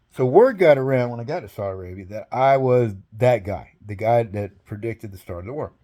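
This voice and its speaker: A man's voice: medium pitch, moderate pace. An older man, an interview guest, telling a rambling story with frequent laughs and acted-out dialogue. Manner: animated, laughs often, acts out both sides of dialogue.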